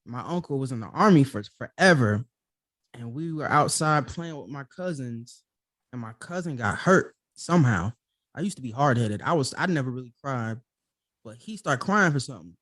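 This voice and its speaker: A man's voice: medium pitch, animated, normal speed, a bit bright, dry recording. Conversational man hosting a podcast, dry sound. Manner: conversational, lots of "you know" and "like". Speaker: podcast host.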